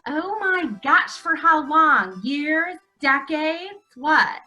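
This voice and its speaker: Improv player on a video call, bright woman's voice, slow lively delivery. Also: high voice, highs cut off, faint music behind. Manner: pushy, exclamatory. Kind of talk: improvised comedy scene.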